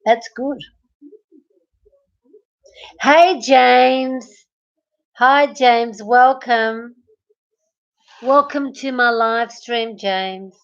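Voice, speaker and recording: An Australian woman lies in bed at night chatting casually on a live stream, greeting viewers and reading their comments aloud. Her voice is fairly high, she draws out her words and pauses often, and the sound is lo-fi.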